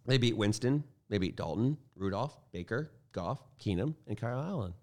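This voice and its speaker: A man co-hosting a casual sports show, excitable and rambling, often correcting himself mid-sentence. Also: on the low side, moderate pace. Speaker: sports podcast co-host.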